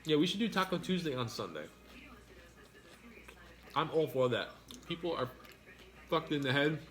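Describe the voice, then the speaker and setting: A man's voice: fairly high pitch, lively intonation, moderate pace, a bit bright. A man chatting casually while eating on a mukbang stream, blunt and argumentative, swearing freely.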